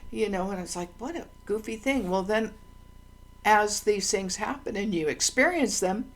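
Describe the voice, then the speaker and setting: A woman's voice: medium pitch, measured pace. A woman hosting her own channel, telling personal stories in a casual, meandering way with many ums and restarts, earnest and heartfelt. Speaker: channel host. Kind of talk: casual personal storytelling monologue.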